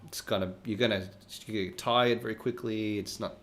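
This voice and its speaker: A man giving a casual guitar lesson, explaining technique in a relaxed way and often checking in with "right?". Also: on the low side, moderate pace, a little hiss or hum. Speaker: guitar teacher. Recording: faint guitar music behind voice. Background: his own guitar playing between phrases.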